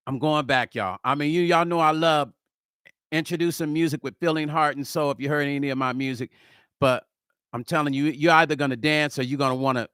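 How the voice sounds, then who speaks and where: A middle-aged man, a musician and producer, chatting casually in a vlog while he builds a track, excitable and slangy, forever saying hold on. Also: fairly high pitch, clear, resonant tone, dry recording, studio quality. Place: music studio.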